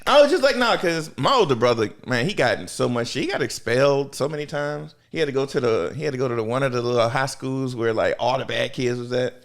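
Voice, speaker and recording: Animated young man telling a story. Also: fast talker, hardly any pauses, a little hiss or hum. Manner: animated, jumps into high voices for quoted people. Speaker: podcast host. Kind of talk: casual storytelling.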